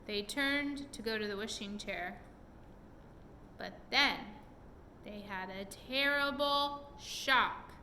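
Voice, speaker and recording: A woman reading a children's storybook aloud to a child at home, expressive and stopping to explain. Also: on the high side, takes it slowly, a little hiss or hum.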